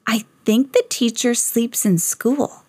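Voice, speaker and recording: A woman voicing a curious, confident young schoolgirl in a read-aloud storybook, in an earnest, measured way. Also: fairly high pitch, darkish tone, slightly rough, no room sound.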